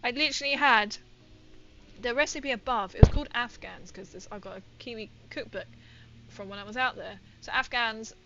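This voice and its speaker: A woman's voice: fairly high pitch, moderate pace, dull audio, noisy background. A woman streamer chatting casually and rambling as she plays a game, laughing often and reading out viewer comments. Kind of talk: casual livestream chat while gaming.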